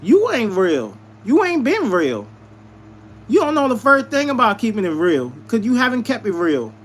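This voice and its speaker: A man's voice: extremely high pitch, wildly swooping pitch, moderate pace, a bit bright, slightly rough. A man telling a heated personal story to his live viewers, hammering points home by repeating them. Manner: emphatic, repeats lines for emphasis. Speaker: live streamer.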